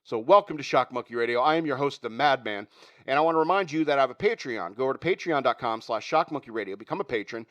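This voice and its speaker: A man's voice: mid-range voice, animated, fast, a bit bright. A man hosting a podcast, ranting bluntly and with profanity, a slight sore throat in his voice. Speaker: podcast host.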